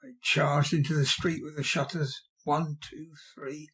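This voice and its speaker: A male audiobook narrator reads in a measured, expressive storytelling manner. His voice sits a little high for a man and carries a husky texture.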